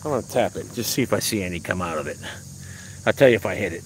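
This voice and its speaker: Excitable man livestreaming outdoors on his phone. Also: on the low side, fast, slight background noise. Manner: rambling, excitable, profane, talks to viewers. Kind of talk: outdoor live stream chat. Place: outdoors by a hill.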